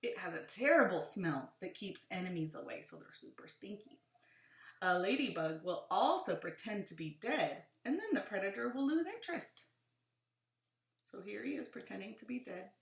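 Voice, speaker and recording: Teacher reading aloud in an echoey room. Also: female voice, mid-range voice, very animated, normal speed, creaky. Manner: adds friendly asides to young pupils. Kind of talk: reading a picture book aloud to children.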